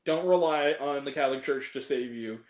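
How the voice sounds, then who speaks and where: A man's voice: mid-range voice, fairly quick, a little mellow, reverberant. A young man hosting a casual film review chat, ranting and swearing freely as he picks apart the movies he hated. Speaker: host.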